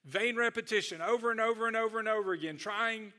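A man preaching a sermon in a conversational teaching manner, often restarting his sentences. His voice sits high and sounds very bright and sharp. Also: quick pace. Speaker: pastor.

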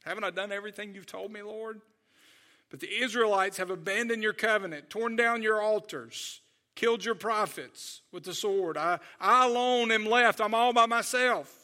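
A man's voice: high voice, moderate pace, pushed and bright. A man voicing a despairing, self-pitying male prophet who pleads that he is all alone.

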